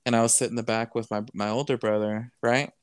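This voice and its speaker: A man's voice: mid-range voice, level tone, quick pace, clean tone, dry recording. A man, a podcast guest telling a personal story in a casual, earnest way, switching between English and Spanish with plenty of "you know". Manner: earnest, emotional retelling.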